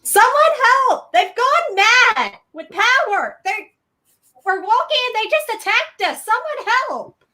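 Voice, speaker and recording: A woman's voice: extremely high pitch, very animated, unhurried, pushed and bright, voice pushed up, full character voice. A woman voicing a panicked woman in a tabletop game who screams shrilly for help from a crowd.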